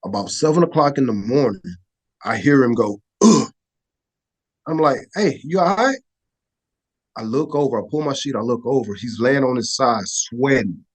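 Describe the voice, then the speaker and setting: A middle-aged man, a former Air Force photographer, telling a personal story as a podcast guest, conversational and often asking "right?". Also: mid-range voice. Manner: conversational, repeats "right?" and restarts words. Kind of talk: emotional storytelling in an interview.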